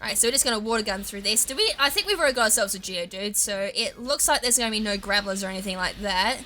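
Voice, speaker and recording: Casual Australian woman gamer, tangent-prone commentary, bright tone, light music bed. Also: mid-range voice, lively intonation, quick pace. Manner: chatty, rambling, goes off on tangents. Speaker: gaming YouTuber. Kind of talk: casual let's-play commentary.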